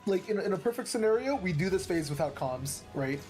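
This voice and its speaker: A man on voice chat calmly going over raid tactics, hedging a lot with fillers. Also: high-pitched, a little fast, soft background music. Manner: hedging, full of "like", explains calmly. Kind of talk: casual strategy talk over voice chat.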